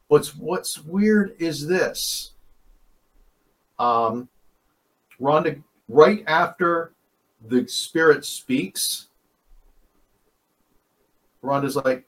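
A man's voice: on the high side, very slow, pauses often, fairly bright tone. A man telling stories from paranormal investigations in casual chat, rambling and often correcting himself. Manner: rambling, self-correcting, chuckles. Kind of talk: casual storytelling.

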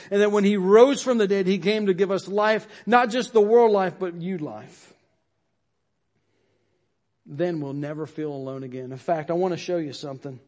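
A man with a fairly high voice delivers a sermon to his congregation. He speaks earnestly, repeats phrases for emphasis, and lets his voice sink at the close of each line. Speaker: pastor.

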